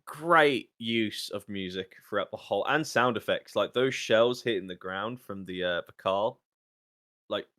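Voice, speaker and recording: A young Englishman co-hosting a casual podcast chat, animated and sweary, laughing as he rants about a film. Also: on the low side, unhurried. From England. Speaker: podcast co-host.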